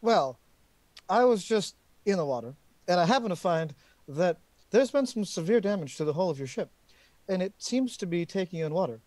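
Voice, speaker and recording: A man voicing a polite, soft-spoken male stranger in a tabletop game, speaking quietly and mildly. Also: sits high, lively intonation, moderate pace, no room sound.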